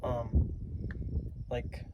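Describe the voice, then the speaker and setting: A man's voice: drawn-out words, highs cut off. A man giving a casual, earnest motivational talk to camera, rambling with many fillers and restarts. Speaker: self-improvement vlogger. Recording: loud vehicle noise behind.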